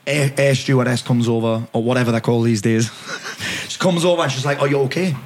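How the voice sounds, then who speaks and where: Speaking briskly at a medium pitch, this middle-aged man with a Geordie accent from North East England spins an animated yarn as a guest on a podcast, poking fun at himself and cursing a lot along the way.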